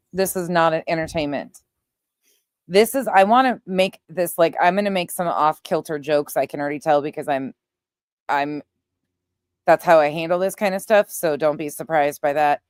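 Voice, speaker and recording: A woman's voice: low-pitched, normal speed, clean tone, no echo, clean studio sound. A woman host doing heated commentary on clips, talking straight to her viewers and swearing as she reacts.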